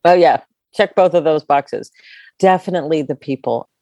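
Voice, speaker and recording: Middle-aged woman, bookstore owner, low voice, dry close sound, gushing casual talk. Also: moderate pace, no echo, muffled recording. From California. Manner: warm, enthusiastic, many fillers and restarts. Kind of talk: casual interview chat.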